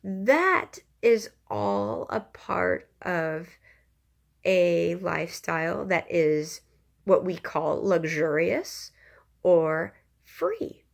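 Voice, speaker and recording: A woman talking slowly and thoughtfully to her channel's viewers, giving motivational advice with many ums and pauses. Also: on the low side, lively intonation, vocal fry. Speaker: channel host sharing personal growth advice. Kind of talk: reflective motivational talk to camera.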